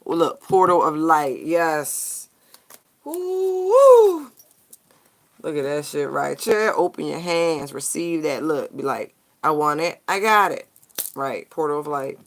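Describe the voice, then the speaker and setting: A person giving a casual tarot card reading straight to viewers, animated, slangy and profane. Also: mid-range voice, a little slow, gravelly.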